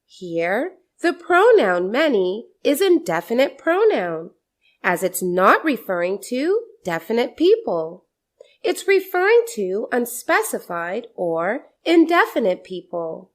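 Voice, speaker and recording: Very animated, with a voice pitched on the high side, a woman presents a scripted grammar lesson. Her explanations are slow and deliberate, and she repeats many example sentences.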